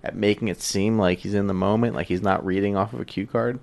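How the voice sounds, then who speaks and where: A man's voice: fairly low pitch, steady tone, fast talker, vocal fry. A male podcast co-host talks in loose, casual chat. He jokes crudely and rambles from point to point.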